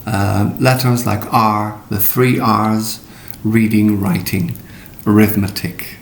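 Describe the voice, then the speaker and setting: A middle-aged man gives a recorded pronunciation lesson in a low, gravelly voice, taking his time over every word. His slow, deliberate delivery is dotted with fillers and spoken examples. The sound carries an echoey room with a faint rumble underneath. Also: little pitch movement. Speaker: English pronunciation teacher.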